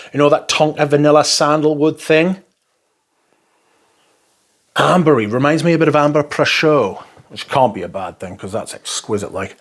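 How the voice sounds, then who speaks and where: A man giving a casual first-impressions review, chatty and rambling, swearing now and then as he rants. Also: a little high. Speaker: fragrance reviewer.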